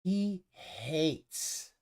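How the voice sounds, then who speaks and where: A woman's voice: deep voice, animated, drawn-out words, creaky. A woman streamer reacting to a video in an exasperated, sarcastic, profane rant, now and then mocking the person she is watching. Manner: exasperated, sarcastic, swears a lot, mocking voices. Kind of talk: profane ranting reaction commentary.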